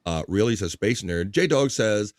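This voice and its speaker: A man's voice: on the low side, lively intonation, a little slow, dry recording, clean studio sound. A man hosting a livestream, chatting upbeat with guests and reading out viewer messages with thanks. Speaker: livestream host. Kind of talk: casual chat, reading chat messages.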